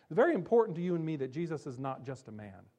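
A pastor preaching a sermon, emphatic, slowing down on key phrases and dropping low and soft when he quotes scripture. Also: big pitch swings.

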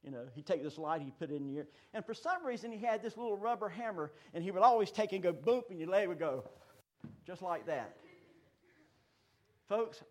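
A man in his fifties preaching a sermon in a church, folksy and joking, swinging between loud declarations and hushed asides. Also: high voice, lively intonation, a little fast. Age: 50s. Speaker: pastor. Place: church sanctuary.

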